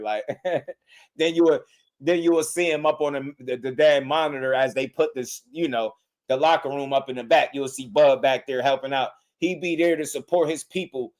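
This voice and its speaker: A man holding forth in casual, slang-heavy commentary about a fighter, his voice sitting a little higher than most men's. He talks straight to his listeners and breaks into chuckles between points. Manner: animated, slangy, laughs often, talks to the viewer as "Lisa". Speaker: boxing commentator. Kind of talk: casual opinion talk.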